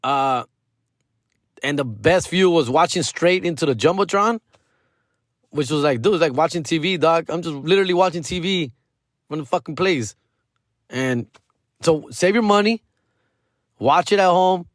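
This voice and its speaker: A man's voice: on the high side, moderate pace, pauses often, no echo, clean studio sound. A middle-aged man hosting a comedy podcast, telling a story in a casual, slangy way, full of swearing and with Spanish phrases mixed in. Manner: profane, slangy, animated, mixes in Spanish phrases.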